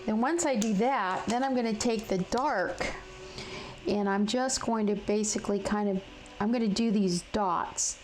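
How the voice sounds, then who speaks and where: A woman hosting a casual live craft demonstration from her home craft room. She is chatty and halting, with many fillers and restarts, and she talks to viewers in the chat while she colors. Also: medium pitch, soft background music, poor audio. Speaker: crafting livestream host.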